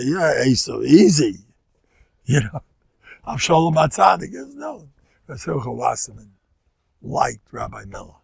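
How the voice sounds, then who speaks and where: An older man, hoarse, telling stories in an informal Torah class, rambling and swinging from loud bursts to near-whispers. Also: mid-range voice, no echo. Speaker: rabbi giving a Torah class.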